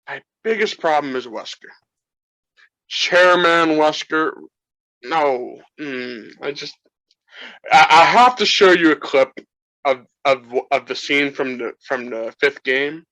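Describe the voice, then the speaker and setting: A man's voice: fairly high pitch, no echo, low-quality recording. A man co-hosting a casual film discussion, with talk that rambles and doubles back on itself. He sounds eager and fannish. The recording is dry, with little room sound. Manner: rambling, restarts often, excited game fan. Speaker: co-host. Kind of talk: casual chat.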